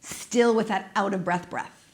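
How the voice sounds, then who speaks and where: A woman movement instructor guiding an exercise class on a dedicated microphone, gentle, playful and encouraging, with soft laughs. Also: medium pitch, fairly even intonation, measured pace. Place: studio.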